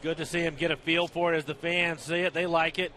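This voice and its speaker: Brief: male color analyst, bright crisp tone, measured delivery. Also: on the high side, flat delivery, slight background noise. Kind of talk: sports commentary.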